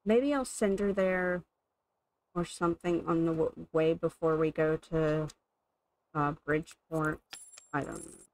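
A woman's voice: deep voice, steady tone, a little slow, darkish tone, slight background noise, low-quality recording. A woman giving casual, amused commentary as she plays a life-sim game, thinking aloud. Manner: chatty, amused, thinking aloud while playing. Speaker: gaming channel host.

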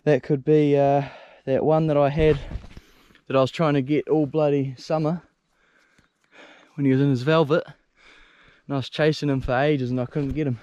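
A young man with a New Zealand accent filming himself on a steep hillside outdoors, talking bluntly and excitably, with plenty of swearing, into a handheld action camera. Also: on the high side, normal speed, no room sound, muffled recording. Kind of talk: casual self-filmed commentary.

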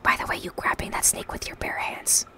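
A woman's voice: a little fast, low-quality recording. A young woman streamer in whispered role-play, chatting casually and swearing often into a close microphone.

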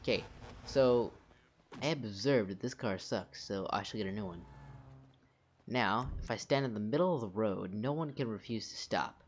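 A man's voice: on the low side, moderate pace, dull audio, a little hiss or hum. A young man casually commenting while he plays a video game, narrating his own moves and swearing at the game when things go wrong. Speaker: gameplay commentator. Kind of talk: casual let's-play commentary. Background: game music.

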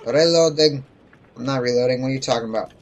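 A young man giving casual, jokey gameplay commentary who yelps and shouts when something startles him. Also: mid-range voice, little pitch movement, racing, a little hiss or hum. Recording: loud game gunfire behind voice. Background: gunfire and explosions from the game.

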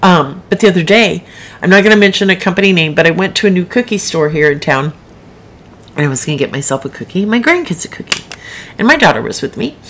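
A woman's voice: on the low side, lively intonation, fast talker, fairly bright tone, a little hiss or hum. A middle-aged woman author hosting a live broadcast, chatting frankly and rambling into asides with her viewers. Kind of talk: casual livestream chat.

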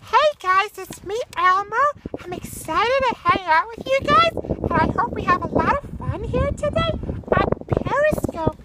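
Elmo, squeaky furry red monster. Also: male voice, expressive, unhurried. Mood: cheerful. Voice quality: squeaky falsetto. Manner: bubbly and eager. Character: small, excitable, furry red monster child. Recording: distant, noisy livestream audio.

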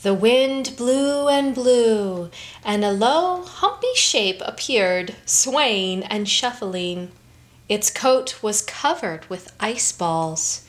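A woman reading a picture book aloud to children in a slow, expressive way. Her voice is a bit higher than average and moves lively up and down. She takes her time with each phrase. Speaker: children's story time reader.

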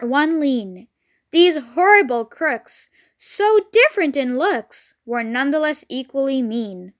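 High-voiced woman reading a storybook aloud. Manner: clear, expressive reading aloud. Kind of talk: read-along storybook narration.

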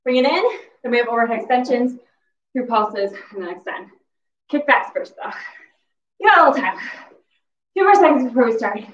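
A woman's voice: a little high, fairly quick, pauses often. Breathless woman coaching a workout. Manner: energetic cheering cues with whoops. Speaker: fitness instructor. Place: exercise facility gym. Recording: echoey gym from far off, dull sound.

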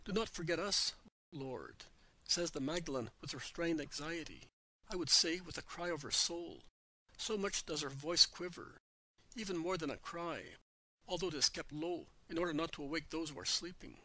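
Bright-voiced male religious narrator. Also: on the high side, normal speed, dry recording, rough recording.

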